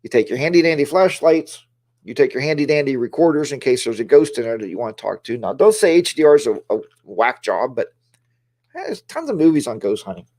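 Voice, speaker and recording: Using a lapel mic in his home studio, a livestream host chats in a rambling way and calls out viewers by name. He sounds very animated and talks a little fast, with a medium-pitched, darkish voice.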